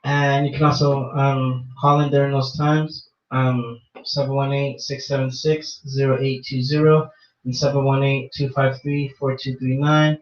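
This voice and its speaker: A man's voice: medium pitch, level tone, measured pace, a little hiss or hum. A man co-hosting a podcast, speaking casually and hesitantly, with many fillers. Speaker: podcast co-host. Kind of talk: casual chat. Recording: echoey room, distant mic, dull lo-fi sound.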